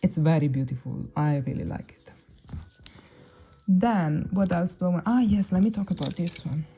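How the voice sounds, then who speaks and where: A woman chatting through a casual perfume review, often pausing to search for words. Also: on the low side, dark tone, soft background music. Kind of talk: casual fragrance review to camera.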